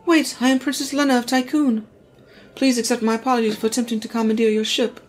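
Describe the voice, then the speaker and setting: A woman's voice: fairly high pitch, flat delivery, quick pace, soft background music, natural voice. A woman voicing an earnest, formal young princess. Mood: formal pleading. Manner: formal, polite, pleading.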